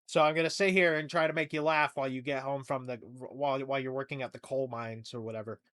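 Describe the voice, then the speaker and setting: A man's voice: medium pitch, fairly even intonation, fast, fairly bright tone. Rambling, profane young man riffing. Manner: rambling, profane, jokey rants with mock voices. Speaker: comedy podcast host. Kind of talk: casual comedic monologue.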